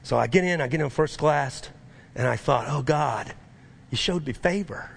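A middle-aged male pastor delivers a sermon in a somewhat high voice. He tells his story conversationally, acting out the people he quotes, then builds to fervent, lively preaching. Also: normal speed, creaky, husky.

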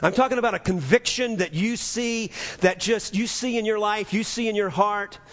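High-voiced preacher in a reverberant hall. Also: male voice, moderate pace. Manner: earnest, repetitive preaching with many restarts. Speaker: pastor. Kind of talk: sermon.

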